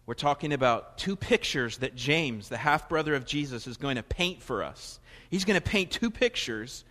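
A man's voice: medium pitch, animated, moderate pace, fairly bright tone. A man from Florida with a Southern US accent, preaching a sermon in a chatty, digressive way that keeps correcting itself. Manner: conversational, digressive with self-corrections. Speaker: pastor. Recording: long reverb of a large hall.

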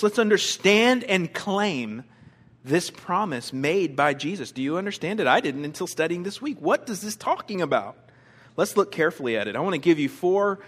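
A male pastor preaching an animated sermon, swinging from emphatic points to soft, quiet prayer. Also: high voice.

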